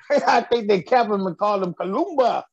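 A man's voice: sits high, expressive, moderate pace, vocal fry, husky, highs cut off. A middle-aged man, a comedian guest telling stories with frequent laughs. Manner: laughs often, loose storytelling delivery. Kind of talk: joking radio interview chat.

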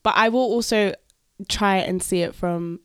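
A woman's voice: mid-range voice, unhurried, fairly bright tone, clean tone, no room sound, studio quality. A young woman co-hosting a podcast, congested from a cold, blunt and jokey in casual chat. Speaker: podcast co-host.

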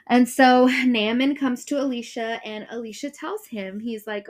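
A woman casually retelling a Bible story, chatty and expressive, acting out the characters' lines and laughing as she goes. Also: fairly high pitch, normal speed, few pauses. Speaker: Bible study presenter.

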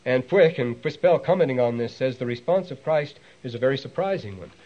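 A man's voice: mid-range voice, fairly quick, highs cut off. A man giving a classroom lecture, talking in a discursive way with many asides and restarts. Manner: reads quoted passages aloud with lively emphasis.

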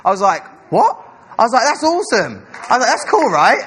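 A young man preaching a sermon, telling a story with animated, acted-out dialogue. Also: very high voice, a little fast, background noise.

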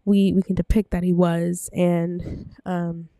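A woman's voice: lowish voice, level tone, slow, warm tone, dry recording. A woman giving a casual Bible talk, rambling with many fillers and self-corrections, a little out of breath. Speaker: bible teacher. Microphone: desk microphone.

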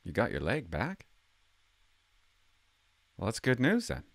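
An older man hosting his own video channel, talking casually in a rambling, self-conscious, halting way. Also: fairly low pitch, huge pitch swings, gravelly, no echo. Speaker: channel host. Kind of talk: casual vlog chat.

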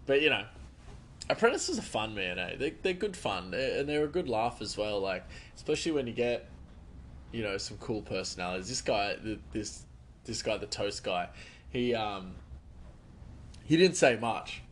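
A man's voice: on the low side, very animated, moderate pace, slight background noise. A man who works as a chef hosts a podcast, telling rambling anecdotes in casual chat and laughing often.

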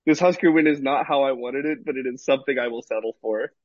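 A man co-hosting a podcast, an animated storyteller in casual chat who swears freely. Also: mid-range voice, quick pace, dry recording, highs cut off. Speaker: podcast co-host.

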